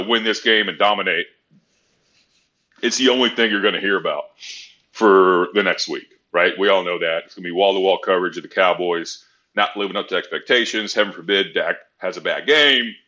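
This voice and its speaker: A man's voice: deep voice, bright, forceful tone. A man talking sports on a podcast in a blunt, profane, rambling way. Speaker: podcast co-host. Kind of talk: casual sports chat. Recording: dull lo-fi sound.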